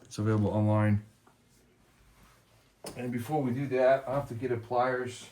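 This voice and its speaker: A man's voice: medium pitch, steady tone, normal speed, darkish tone. Man, tech tutorial host, casual step-by-step talk, faint background noise. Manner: explains step by step while working, talks to viewers as guys.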